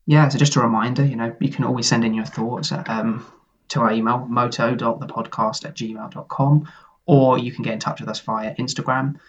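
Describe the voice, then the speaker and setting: A man co-hosting a podcast in casual chat, wry and rambling, with a husky voice and a recording that turns muffled at times. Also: mid-range voice, fairly even intonation, a little fast. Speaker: podcast co-host. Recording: muffled at times from tech problems.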